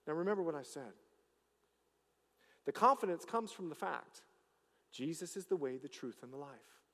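Pastor, male, high and very lively delivery, emphatic sermon style, long church-hall reverb. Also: moderate pace. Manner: emphatic preaching, rising and falling between loud declarations and hushed asides.

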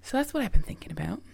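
A middle-aged woman hosting her own podcast as a coach, talking in an earnest, reflective way and often dropping to a soft, breathy near-whisper. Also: mid-range voice, dry recording. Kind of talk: reflective solo podcast talk.

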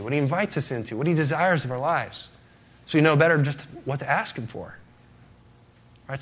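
A man's voice: a little high, fairly bright tone. A middle-aged man preaching as a pastor in a casual, conversational sermon, acting out short quoted exchanges and asking "right?" often. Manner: conversational, acts out quoted voices of his daughters and himself, frequent "right?".

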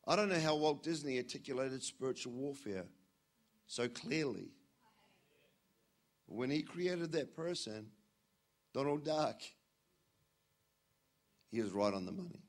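A man preaching a sermon, telling stories with animated swings from loud to quiet. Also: mid-range voice, a little slow, long pauses.

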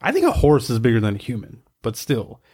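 A man co-hosting a podcast, reading research aloud in a steady way with wry asides. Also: medium pitch, a little fast, husky. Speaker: podcast co-host.

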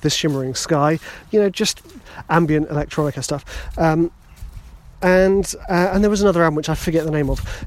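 A British man hosting a solo podcast, telling a rambling, self-deprecating story in a casual, chatty way. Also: on the high side. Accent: British English. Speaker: podcast host.

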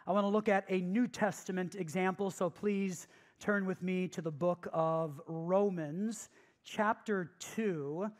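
Pastor delivering a teaching sermon, slow and deliberate, stresses and repeats key phrases, mid-pitched voice. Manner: emphatic, repeats key phrases and asks the listeners questions.

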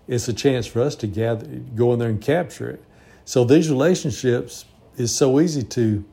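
An older man in his sixties speaks in a gravelly, dark-toned voice. He talks in an earnest, reflective way, rambling and restarting his sentences as he goes. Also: medium pitch. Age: 60s. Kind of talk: reflective monologue.

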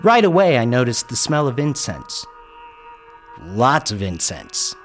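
Animated man narrating a story. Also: mid-range voice, measured pace, soft background music. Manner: lively, wry storyteller. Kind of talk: first-person story narration.

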